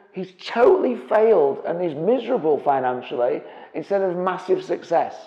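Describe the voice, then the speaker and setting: A man giving an energetic seminar presentation as a property investment trainer, often checking in with the audience. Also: high voice, vocal fry. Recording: dull, echoey hall with long reverb.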